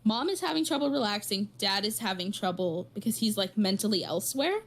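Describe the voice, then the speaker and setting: A woman's voice: mid-range voice, animated, brisk. Woman co-host, casual rambling storyteller, heavy on fillers. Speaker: podcast co-host. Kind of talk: casual chat.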